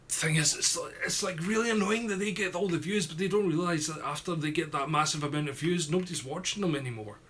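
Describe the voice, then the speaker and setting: This young Ayrshire-accented Scotsman chats on a YouTube Q&A live stream, reading viewer comments in a relaxed, rambling manner. His voice is a little high and fairly bright, at a normal pace, and slight background noise can be heard.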